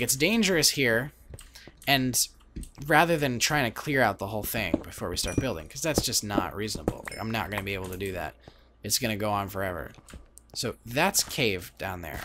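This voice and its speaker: A man giving rambling, excitable commentary as he plays a video game. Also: medium pitch, noisy background. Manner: rambling, self-interrupting, excitable. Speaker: let's play host. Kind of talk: casual gameplay commentary. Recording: game music playing behind.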